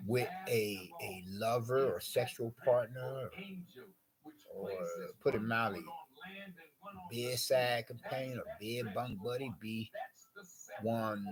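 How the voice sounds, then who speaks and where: A man's voice: medium pitch, rough recording. A man vlogging in a rambling, wordy monologue full of filler phrases.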